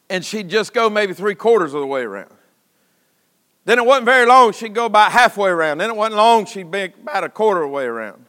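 A man preaching a sermon in a church, folksy and impassioned, swinging from shouts to hushed tones. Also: high voice. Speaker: pastor. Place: church sanctuary. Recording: long hall reverb.

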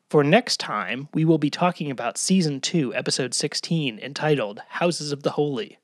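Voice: medium pitch, animated, normal speed, hardly any pauses, no echo, studio quality. A podcast co-host in casual chat, talking chattily and laughing often.

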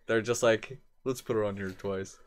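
A man's voice: on the low side, steady tone, moderate pace. A man in casual chat, blunt and swearing freely, making dry jokes while ranking bands.

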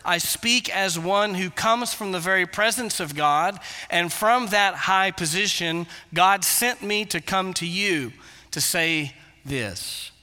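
A man voicing the archangel Gabriel as a solemn high-ranking messenger, with deliberate, weighty declarations during a sermon. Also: pushed and bright, big-room sound, full character voice. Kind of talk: sermon retelling with quoted lines.

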